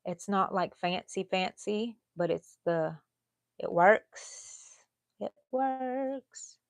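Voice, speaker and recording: A woman of sixty with a Texan accent, hosting a live crochet stream in a casual, chatty way and dropping to low mutters and whispers as she counts stitches. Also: steady tone, takes it slowly, dry recording, studio quality. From Texas. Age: 60s.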